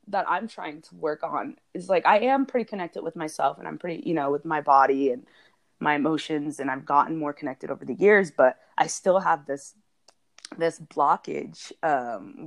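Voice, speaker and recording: A woman in her thirties in casual conversation, effusive and chatty, laughing easily as she talks. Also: deep voice. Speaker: podcast co-host.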